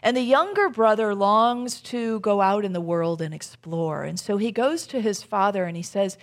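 A woman's voice: medium pitch, lively intonation, moderate pace, hardly any pauses. A woman giving a conversational sermon, storytelling and asking the audience questions.

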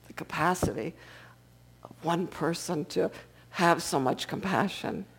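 A woman giving a storytelling talk as a spiritual teacher, often checking in with her listeners. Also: lowish voice.

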